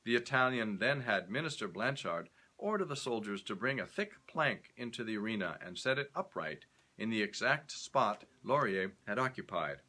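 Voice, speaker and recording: A man reading a short story aloud, expressive and acting out each character. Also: fairly low pitch, normal speed, few pauses.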